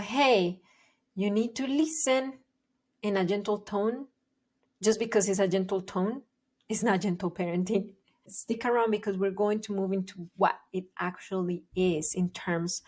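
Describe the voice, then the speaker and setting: A woman working as a parenting educator, explaining her ideas to the camera in an earnest, emphatic way and repeating her key points. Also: mid-range voice. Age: adult, parent of young children.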